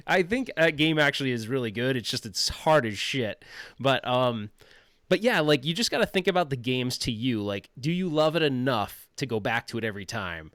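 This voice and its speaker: A man's voice: medium pitch, sing-song, a little fast, fairly bright tone, no room sound, clean studio sound. Rambling, laughing male streamer. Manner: laughing, self-deprecating, rambling. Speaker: livestream host. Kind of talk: casual livestream chat.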